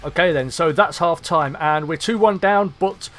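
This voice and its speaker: Excitable high-voiced gaming commentator. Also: male voice, moderate pace, faint music behind. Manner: excitable, swears often, shouts at players. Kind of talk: live game commentary.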